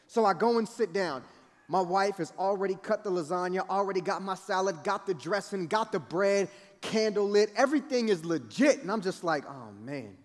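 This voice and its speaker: A preacher telling a comic story about his family, animated and dramatic, with acted-out voices. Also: sits high, moderate pace. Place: large event hall. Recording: reverberant large hall.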